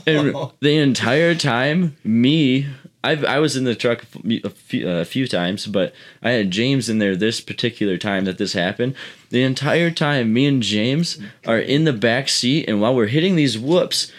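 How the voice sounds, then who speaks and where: A man's voice: medium pitch, normal speed. A man casually telling a rambling, profane story to friends as a podcast co-host.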